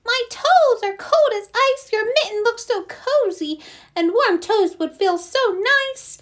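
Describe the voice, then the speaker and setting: A woman doing a teeny tiny squeaky mouse. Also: expressive, unhurried. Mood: pleading. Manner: pleading, squeaky. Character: tiny timid little mouse. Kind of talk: storybook read-aloud.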